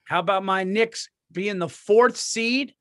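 High-voiced man, dry close sound. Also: a bit bright, no echo. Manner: profane, laughing storyteller doing quick impressions. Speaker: podcast co-host. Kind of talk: casual chat.

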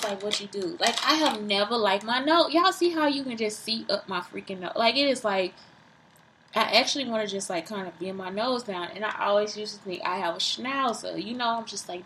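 A woman talking casually and profanely into her phone camera, lively, self-mocking and rambling. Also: fairly high pitch, a little hiss or hum, rough recording. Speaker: vlogger. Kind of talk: casual vlog monologue.

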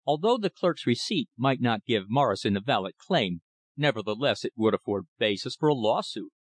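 Expressive male audiobook narrator. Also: mid-range voice, moderate pace, no room sound. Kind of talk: scripted narration.

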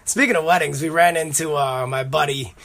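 Gravelly, profane man chatting. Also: a little high, brisk, fairly bright tone. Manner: profane, rambling storyteller. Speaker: podcast host. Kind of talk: casual chat.

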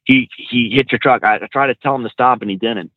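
A man who trains truck drivers, a podcast guest, telling road stories in casual, animated talk that is loose with swearing and slang like "bro". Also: mid-range voice, a little fast, no echo. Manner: animated, swears freely, says "bro" and "dude". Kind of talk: casual storytelling in an interview. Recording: dry, tinny phone-like sound.

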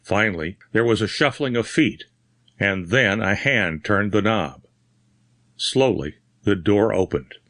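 A man narrating a horror story in a measured, dramatic reading. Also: on the low side, lively intonation, fairly bright tone, no room sound, studio quality. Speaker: audiobook narrator. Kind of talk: scripted narration.

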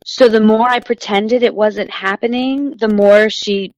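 A woman in her thirties, a comedian guest, telling lively anecdotes about her toddler and acting out the child's lines. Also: medium pitch, unhurried, no echo, rough recording. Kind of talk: storytelling chat.

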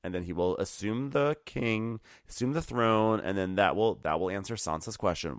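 Low-voiced man in a wry recap chat. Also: normal speed, hardly any pauses, no echo, studio quality.

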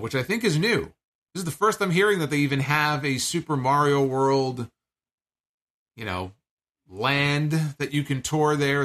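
A man talks through a wrestling show in a loose, rambling recap and leans into the lines he quotes. His voice is bright and forceful, with an average pitch. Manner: chatty, digressive, acts out quoted lines. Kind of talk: casual recap commentary.

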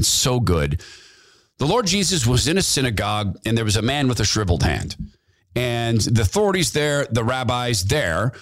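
A man's voice: mid-range voice, fairly bright tone. A man hosting a talk podcast, delivering an impassioned opinion monologue and repeating phrases for emphasis. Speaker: podcast host, former radio host.

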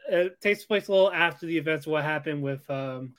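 A man's voice: a little high, brisk, fairly bright tone. A man co-hosting a casual anime podcast, recapping episodes in a loose, rambling way. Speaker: podcast co-host.

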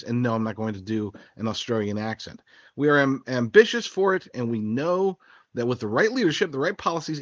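A man's voice: mid-range voice, fairly bright tone, no room sound, lo-fi sound. A man hosting a political talk show, reading news stories and adding rambling, sarcastic asides with short chuckles. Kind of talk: casual political commentary.

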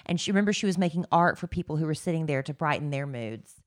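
A woman's voice: low voice, animated, fast talker. A woman co-hosting a podcast, chatting casually and reacting to her co-host's story with teasing questions. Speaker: podcast co-host. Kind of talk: casual chat.

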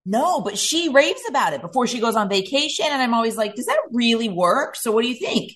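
A woman co-hosting a casual chat, mostly giving short, relaxed replies. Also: on the high side, brisk. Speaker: podcast co-host.

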